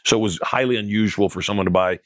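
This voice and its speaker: A middle-aged man, a guest on an interview show, telling his business story in an animated way and acting out the dialogue. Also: on the low side, fast, no echo, studio quality.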